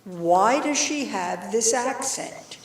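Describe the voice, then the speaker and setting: Older woman presenter, chatty with quips, slow delivery, recorded far off in a reverberant synagogue room. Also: on the high side, expressive. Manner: chatty, with joking asides to the audience. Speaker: study group presenter. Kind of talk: informal talk to a study group. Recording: roomy and distant from the mic.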